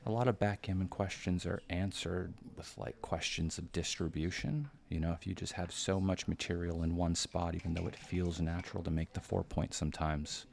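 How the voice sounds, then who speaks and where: A man giving live game commentary in a hushed, near-whispered voice, thinking aloud about each move. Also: sits low, fairly even intonation, normal speed, vocal fry, few pauses. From United States. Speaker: backgammon commentator.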